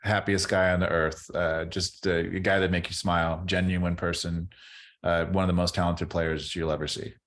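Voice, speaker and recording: Middle-aged male guest, very low voice, loose rambling chat with lots of restarts. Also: little pitch movement, normal speed, fairly bright tone. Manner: rambling, repeats words and restarts often. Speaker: podcast guest, former baseball player. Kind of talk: casual interview chat.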